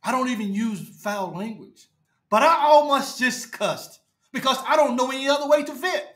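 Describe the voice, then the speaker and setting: A man hosting a fan podcast, ranting on a live stream in a distraught, halting way, repeating himself and trailing off low. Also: fairly bright tone. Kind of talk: emotional live-stream rant. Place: his apartment.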